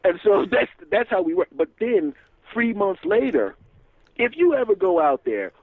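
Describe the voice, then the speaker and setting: A man, a comedian telling stories in an animated, profane way as a guest. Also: high-pitched, normal speed, no echo. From Philadelphia area, USA. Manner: animated, swearing, laughs often, acts out dialogue. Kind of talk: casual storytelling interview. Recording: dull lo-fi radio recording.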